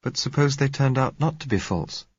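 A soft, unsteady young woman pleads in a quiet, slightly raised voice, as a male storyteller puts her on. The reading is dull and lo-fi, close and dry. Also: mid-range voice, expressive, moderate pace, breathy edge, no echo, voice pushed up. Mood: pleading.

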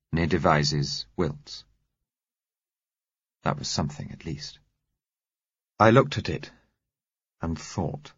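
A man narrating an audiobook in a measured, even storytelling manner. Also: deep voice, slightly rough, no room sound. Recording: dull, muffled recording.

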